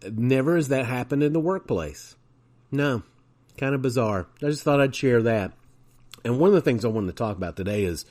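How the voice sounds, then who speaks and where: A man hosting his own podcast, telling anecdotes in a casual monologue. His pitch moves a lot and his delivery is chatty and animated. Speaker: podcast host.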